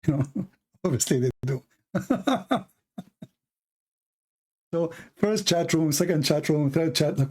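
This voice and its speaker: Host, male, arabic first language, excitable and laughing, slightly high voice. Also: slow, long pauses, breathy edge. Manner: animated, laughing, broken English, exclamatory. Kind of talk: casual storytelling and polemic.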